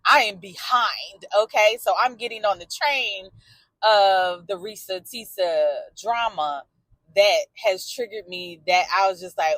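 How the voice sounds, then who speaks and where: A woman's voice: mid-range voice, unhurried, a bit bright, dry recording. A woman talking candidly in a personal vlog from her car, emotional and outspoken, swearing and answering back to a story she follows. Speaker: vlogger.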